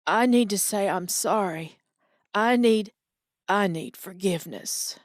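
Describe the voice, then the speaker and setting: A woman voicing a dying old father, out of breath and speaking in halting, broken phrases. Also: medium pitch, dry recording, clean studio sound, close to an everyday voice. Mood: pleading.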